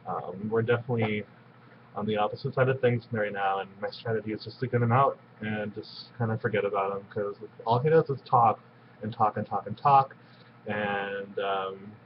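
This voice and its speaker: A man's voice: fairly low pitch, fairly even intonation, moderate pace, lo-fi sound, a little hiss or hum. A man recording a blunt, slangy confessional about cutting ties with another player. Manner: blunt, dismissive, casual slang. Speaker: contestant in an online game.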